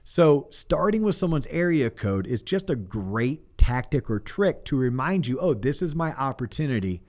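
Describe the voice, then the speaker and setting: This podcast host, a middle-aged mortgage coach, is very animated as he coaches small talk through acted-out sample phone calls. The chat is casual, his voice medium-pitched and darkish, his pace normal.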